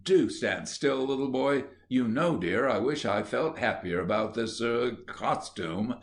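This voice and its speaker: A male narrator voicing a fussy, prim lady artist who speaks hesitantly and in a slow, measured way. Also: mid-range voice, animated.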